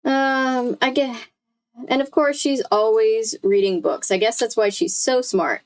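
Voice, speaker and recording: A woman's voice: on the high side, unhurried. A woman reading a book aloud, breaking off often to react and laugh. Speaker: host.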